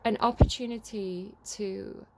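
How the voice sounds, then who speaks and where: A woman's voice: mid-range voice, steady tone, unhurried, gravelly, noisy background. A young adult woman giving a casual tarot reading, rambling and correcting herself as she reads card text aloud. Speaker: tarot reader.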